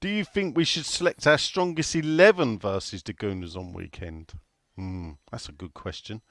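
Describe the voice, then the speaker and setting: A man's voice: on the low side, moderate pace, a bit bright, no room sound. A man hosting a casual football chat, reading out listener questions in a blunt, sweary way.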